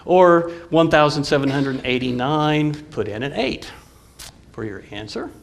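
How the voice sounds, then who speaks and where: A man, a college professor, lecturing a live audience in a friendly, halting way with frequent fillers and restarts. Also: on the high side, expressive, vocal fry, slight background noise.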